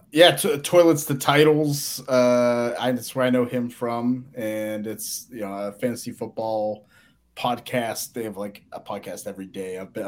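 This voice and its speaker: A man co-hosting a sports podcast, talking quickly and eagerly in casual chat, often restarting his sentences. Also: mid-range voice. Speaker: podcast co-host.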